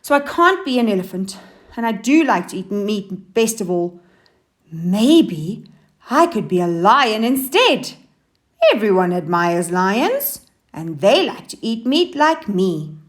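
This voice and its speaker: A woman voicing a whiny, eager young female hyena in a storybook reading, pleading in a high, loud voice. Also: very animated, slow pace. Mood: snappish.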